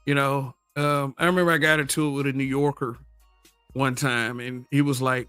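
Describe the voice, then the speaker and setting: A man's voice: fairly high pitch, level tone, moderate pace, pushed and bright, clean tone, dry recording, faint music behind. A middle-aged man from the American South with a Southern accent, hosting a livestream and talking bluntly and profanely in casual commentary, laughing often and answering his chat. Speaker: livestream host.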